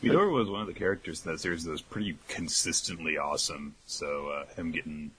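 A man's voice: extremely low pitch, fast talker, a bit bright, a little hiss or hum. A man co-hosting a podcast, chatting casually and teasing his co-host dryly. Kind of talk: casual chat.

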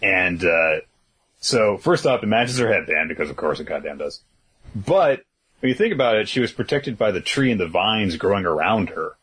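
Male co-host, very deep and husky, laid-back and talkative. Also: sing-song, normal speed, a bit bright. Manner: laid-back, thinks aloud with fillers. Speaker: podcast co-host. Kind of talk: casual chat about manga chapters.

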